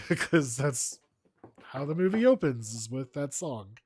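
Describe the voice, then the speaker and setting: A man's voice: mid-range voice, expressive, a little slow, a little mellow, breathy edge. A man co-hosting a casual movie podcast, rambling playfully and mimicking characters. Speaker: podcast co-host.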